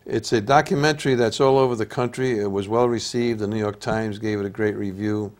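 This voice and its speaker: A man's voice: on the low side, fairly even intonation, brisk. An older man with an Italian-American accent and a nasal voice, telling stories as an actor guest in a casual interview. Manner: storytelling, easygoing.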